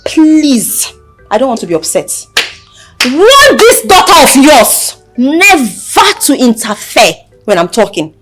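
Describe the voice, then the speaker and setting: An actress with a Nigerian accent playing a loud, preachy young woman who scolds and lectures her mother. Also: sits high, wildly swooping pitch, slow pace, full character voice. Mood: scolding. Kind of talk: Nollywood film acting. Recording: film audio with music score.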